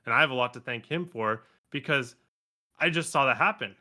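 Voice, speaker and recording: A man chatting as a guest on a podcast, his voice bright and sharp-edged. He tells stories in quick, animated bursts, stops and restarts himself, and acts out other people's lines along the way. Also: medium pitch. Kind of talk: casual storytelling chat.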